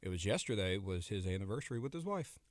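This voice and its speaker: A man's voice: fairly low pitch, sing-song, quick pace, dry recording, clean studio sound. A man in his thirties chatting casually as a radio guest, rambling and joking, often trailing off mid-sentence. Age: 30s. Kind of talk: casual chat.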